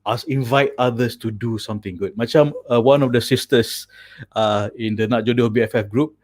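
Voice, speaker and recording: A man's voice: medium pitch, fairly quick, darkish tone. A man with a Malaysian accent, hosting a casual chat, telling stories chattily, switching languages mid-sentence and laughing often. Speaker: host.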